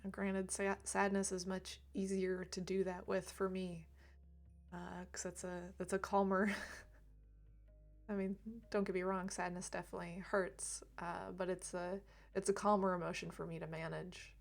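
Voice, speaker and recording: A woman speaking gently and reflectively on a livestream about emotions, laughing lightly now and then. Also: lowish voice, flat delivery, a little slow, creaky, faint music behind. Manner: soft, reflective, laughs lightly, drops to near whisper at times. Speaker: reiki streamer. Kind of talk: gentle spiritual talk on a livestream.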